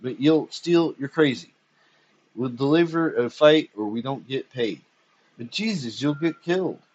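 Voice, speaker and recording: A man reading aloud, voicing a gruff, blunt, swearing male robot mechanic in a husky voice. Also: mid-range voice, lively intonation, a little slow, darkish tone, pitched above the performer's own voice. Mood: alarmed. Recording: dull lo-fi recording.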